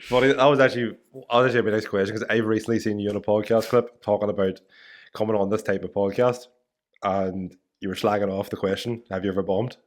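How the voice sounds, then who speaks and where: A man hosting a podcast, asking quick questions and dropping short replies. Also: lowish voice, fairly even intonation. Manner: brief interjections, quick questions. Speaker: podcast host. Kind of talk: casual interview.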